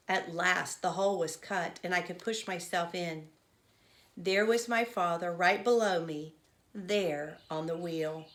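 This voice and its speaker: A woman reading as an earnest old village man. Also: fairly low pitch. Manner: earnest storytelling, rising to loud cries. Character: old village man, grief-struck, recounting childhood. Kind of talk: children's novel read aloud.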